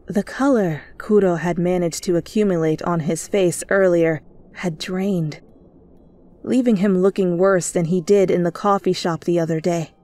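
A woman reading fanfiction aloud as a whispered role-play, telling the story softly over faint music. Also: lowish voice. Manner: soft, slow storytelling. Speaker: fanfiction reader.

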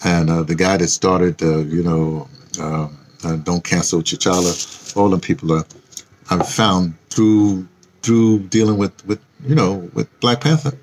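A man's voice: sits low, steady tone, unhurried, a little mellow, slight background noise. A middle-aged man talking in a rambling, casual vlog, drifting off-topic and restarting his sentences often. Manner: meandering, with many fillers and restarts. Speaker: vlogger.

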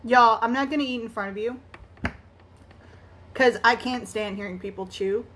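A chatty woman with a high voice hosts a live crafting stream. She greets her viewers one by one and laughs easily as she talks. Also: moderate pace, a bit bright. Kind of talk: casual live-stream chat while crafting.

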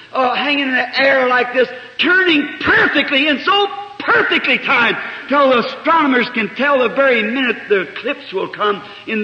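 High, lively preacher in an echoey hall. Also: male voice. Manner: impassioned, swings between soft asides and shouts. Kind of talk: sermon with personal storytelling. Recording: dull lo-fi 1960s tape in an echoey hall.

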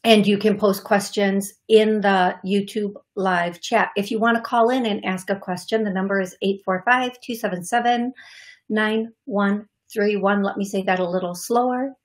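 A friendly woman hosts a live call-in show, talking casually in short bursts. She greets viewers by name and pads her sentences with fillers and restarts. Her voice sits at a middle pitch. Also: steady tone, normal speed. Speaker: psychic medium host of a call-in show.

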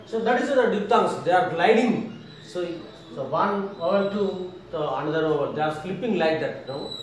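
A man's voice: high-pitched, animated, moderate pace. A man teaching pronunciation, repeating each word many times and correcting mistakes. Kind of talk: classroom phonetics lesson with word drills. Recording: echoey room recorded from far off with faint noise.

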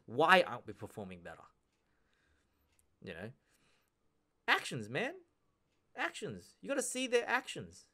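Ranting podcast man, fairly high voice. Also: a bit bright. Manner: ranting, profane, repeats himself. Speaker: podcast host. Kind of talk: casual monologue.

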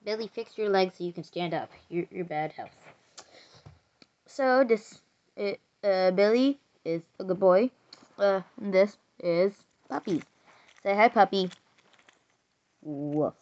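A woman's voice: mid-range voice, unhurried, a little mellow. A young woman voicing her own homemade cartoon, playful, with sing-song humming and silly noises. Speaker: hobby animator voicing all characters. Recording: dull lo-fi home recording.

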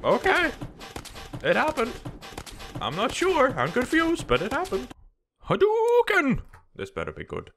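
Frantic, swearing young gaming host. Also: male voice, extremely high pitch, huge pitch swings, normal speed, creaky, pauses often, noisy background. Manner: frantic, swearing, yelling at the game. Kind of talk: let's play commentary.

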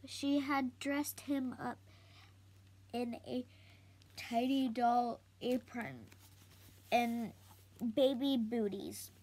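A woman reading a children's book aloud slowly, halting now and then to correct herself. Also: fairly high pitch, darkish tone. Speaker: storybook reader.

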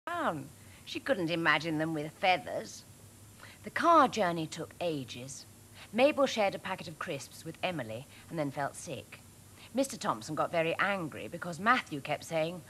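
A woman reading a children's story aloud, with an expressive, animated storytelling delivery. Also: low voice, a little hiss or hum.

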